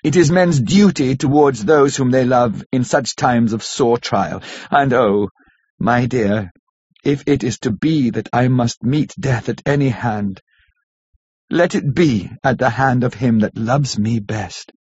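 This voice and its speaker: A man putting on a tender young wife's voice, pleading and solemn, lifted a little higher than his own husky tone. The audiobook recording is dull and lo-fi. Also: unhurried, no echo. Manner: earnest, pleading, softly solemn. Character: gentle devoted young wife, solemn and resolute. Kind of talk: audiobook character reading.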